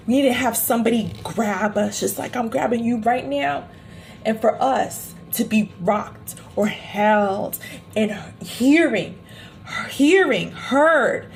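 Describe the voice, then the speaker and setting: A woman's voice: fairly high pitch, expressive, unhurried, a little mellow, slight background noise. A woman spiritual healer speaking soothing, repetitive reassurance during a live-streamed healing session.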